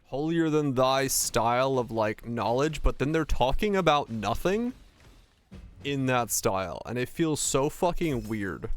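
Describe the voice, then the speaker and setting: A man's voice: mid-range voice, expressive, unhurried. A young man streams casually while he plays. He rambles and swears freely, often tripping over his words and starting sentences again. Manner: rambling and profane, with frequent stammered restarts. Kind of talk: casual chat while gaming, reading chat.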